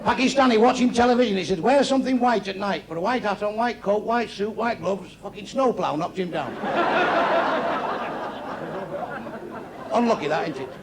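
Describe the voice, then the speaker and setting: A man doing stand-up before a live audience, telling crude jokes bluntly with brisk punchlines. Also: high voice, animated, background noise. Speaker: stand-up comedian. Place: club stage before a seated audience. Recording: crowd laughter throughout a live club show. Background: audience laughing.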